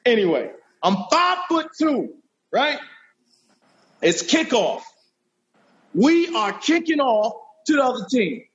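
High, animated slangy man. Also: slow pace, long pauses, lo-fi sound. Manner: animated, slangy, says bro a lot. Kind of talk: casual chat.

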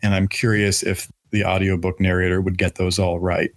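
A man's voice: low voice, flat delivery, normal speed. A man hosting a casual book podcast, talking enthusiastically and thinking aloud with frequent restarts. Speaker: podcast host. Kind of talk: casual book-club chat.

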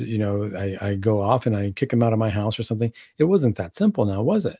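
A man's voice: medium pitch, dark tone, breathy edge, no room sound, muffled recording. A man hosting a Catholic talk show, commenting on news articles and asking rhetorical questions that he then answers himself.

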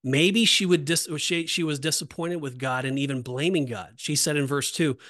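Emphatic preaching man, fairly high voice. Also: normal speed, fairly bright tone. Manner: emphatic, repetitive, rising on exhortations. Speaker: podcast host. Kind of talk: preaching Bible teaching.

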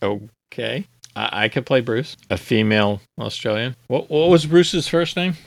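A man's voice: mid-range voice, measured pace, gravelly, dry recording. A man playing a tabletop role-play game, talking in a hesitant, stammering, joking way.

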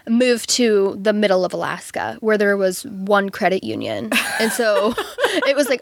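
A woman in her thirties who works as a marketing coach chats casually in an interview, her voice medium-pitched and animated at a normal speed. She's talkative and drops plenty of "um" and "like," with no room sound in the recording.

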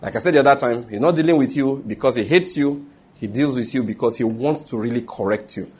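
Husky-voiced Nigerian pastor preaching. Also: male voice, mid-range voice, quick pace. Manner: animated storytelling preaching with acted quotes and pidgin asides. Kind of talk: sermon.

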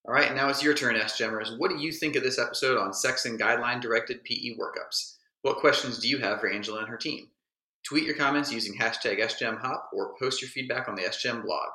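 An easygoing man, an emergency physician, reads the show's sign-off and chats on a podcast. His voice is bright and sharp, and it echoes around a roomy space. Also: mid-range voice, quick pace. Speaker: guest co-host, emergency physician. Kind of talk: casual chat. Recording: roomy echo.

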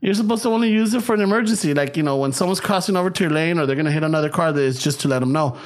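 A man tells a story among friends, animated and loose with his swearing. His voice sits a touch high, and he slides between English and Spanish mid-sentence. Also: racing. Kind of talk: casual chat, storytelling.

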